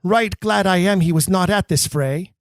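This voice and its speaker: A man's voice: high voice, normal speed, no room sound. Man voicing a fretful noble mother, lifted voice, dry sound. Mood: anxious. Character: worried noble mother asking after her son.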